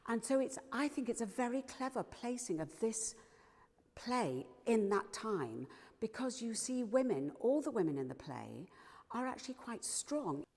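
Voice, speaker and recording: A woman's voice: on the high side, sing-song, unhurried, a little mellow, breathy edge. A woman speaking animatedly in a documentary interview, acting out little quotes as she talks. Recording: long reverberant hall sound.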